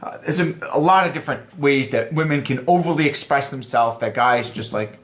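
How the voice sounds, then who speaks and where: A man giving dating advice to other men, lively and explaining point by point, acting out quoted lines in funny voices. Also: medium pitch, brisk. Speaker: dating coach. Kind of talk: instructional vlog talk.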